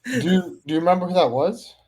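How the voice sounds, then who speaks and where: A man's voice: high voice, expressive, a little fast, a little mellow, slightly rough. A man who wrestles, talking casually as a podcast guest and promoting his upcoming shows. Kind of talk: casual chat.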